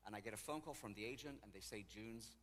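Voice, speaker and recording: A man from Israel, a tour guide and guest speaker, telling stories in an animated, anecdotal way in a church. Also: fairly low pitch, rapid-fire. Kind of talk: storytelling talk. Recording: echoey hall with faint ambience.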